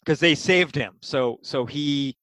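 An animated, excited storyteller recounting their tabletop sessions in a mid-pitched voice. The sound is dry and close, with no room around it, and the talk is loose and full of fillers. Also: slow, no room sound, rough recording. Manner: animated, enthusiastic, many fillers. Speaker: game master for kids' games. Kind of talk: casual interview storytelling.

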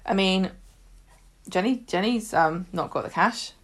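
A woman's voice: medium pitch, a little slow. A woman co-hosting a podcast, chatting casually, often restarting and searching for words. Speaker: podcast co-host. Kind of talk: casual chat about a TV soap.

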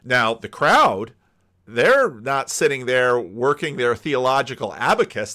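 A man's voice: mid-range voice, sing-song, slow pace, fairly bright tone. A middle-aged man preaching a sermon in a conversational way, often repeating words as he thinks aloud. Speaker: pastor.

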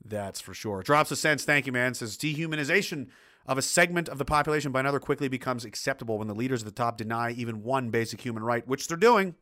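Blunt, profane man with a bright voice. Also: mid-range voice, quick pace. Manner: blunt and profane, heated outbursts; rambling with frequent restarts. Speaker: livestream host reading viewer chat. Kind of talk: casual ranting commentary.

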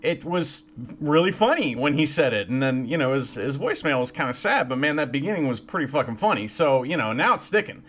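A man's voice: fairly high pitch, very animated, a little fast, fairly bright tone. A man co-hosting a podcast in casual chat, chatty and laughing, cursing now and then. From Ohio, USA. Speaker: podcast co-host.

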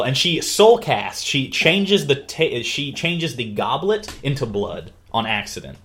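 A man's voice: medium pitch, measured pace, hardly any pauses, slight background noise. A man hosting a casual talk, eagerly retelling a book's plot and acting out the characters with yelps and laughs. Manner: animated storyteller, acts out characters with yelps and laughs. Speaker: host explaining a book.

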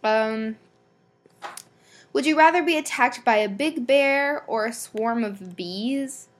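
A woman's voice: a little high, slow. Blunt, sweary young woman rambling. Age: young adult. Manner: filler-heavy, many ums and likes. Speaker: podcast host. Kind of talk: casual solo podcast chat.

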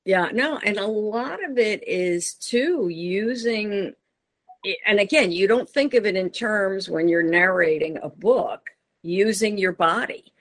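A woman, an author who narrated her own audiobook, talking in a casual interview with an animated storytelling manner. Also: mid-range voice, takes it slowly.

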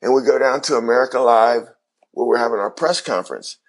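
A man's voice: medium pitch, fairly quick. A middle-aged man, a former basketball player, telling his story in an interview, acting out the voices of people he quotes.

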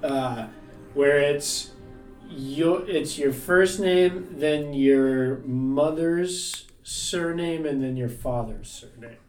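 A man's voice: fairly high pitch, drawn-out words, soft background music. A man co-hosting a casual podcast from home, trading dry wisecracks. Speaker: podcast co-host. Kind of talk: casual banter. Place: dining room at home. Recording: roomy home recording.

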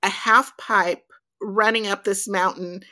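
A woman hosting a podcast who tells a travel anecdote casually, with lots of fillers and lively storytelling. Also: medium pitch, takes it slowly. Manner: animated, chatty, filler-heavy.

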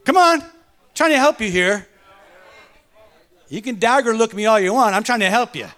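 A male pastor tells a personal story during his sermon, preaching fervently and calling out to the congregation. His voice is high and a bit bright, at a moderate pace.

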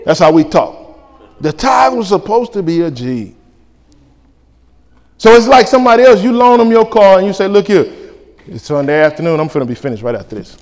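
A male pastor preaching a sermon, lively and colloquial, acting out back-and-forth dialogues. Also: sits high, brisk, pauses often. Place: church sanctuary. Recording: reverberant church hall.

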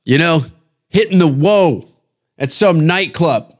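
A man's voice: a little high, lively intonation, slow pace. A man hosting a podcast, ranting in a rambling, profane, mocking way. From Canada. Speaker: podcast host. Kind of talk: casual podcast rant.

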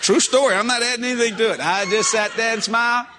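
A man preacher telling a story from the pulpit, animated and breaking into loud shouts of praise. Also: very high voice, quick pace, over music. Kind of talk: storytelling sermon.

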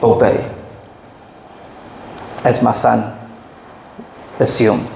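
Slow, emphatic preacher in an echoey hall. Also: male voice, flat delivery, creaky, darkish tone, a little hiss or hum. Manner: slow, emphatic preaching with sudden high acted quotes. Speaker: pastor. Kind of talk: sermon. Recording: echoey hall, faint ambience.

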